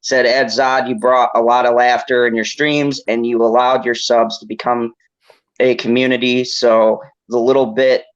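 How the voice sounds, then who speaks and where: A man hosts a live stream in loose, casual talk. His voice sits at an ordinary pitch. The audio is dull and lo-fi. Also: flat delivery, normal speed. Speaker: host.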